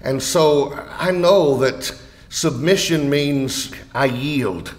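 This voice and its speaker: A male preacher with a Southern American accent delivers a sermon with a fairly high voice. He is dramatic, acting out the voices he quotes, swinging from loud and high to low and hushed. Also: takes it slowly. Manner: dramatic, acts out quoted voices with big swings in pitch and loudness. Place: lectureship hall.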